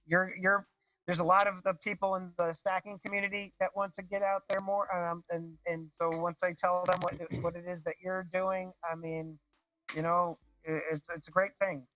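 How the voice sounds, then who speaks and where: An eager man calling in to a video show, his nasal, congested voice sitting high and sounding bright and a little tense. The sound is dry, with no room around it. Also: little pitch movement, moderate pace, no echo, poor audio. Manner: enthusiastic, effusive. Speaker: caller. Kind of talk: casual video call chat. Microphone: video call.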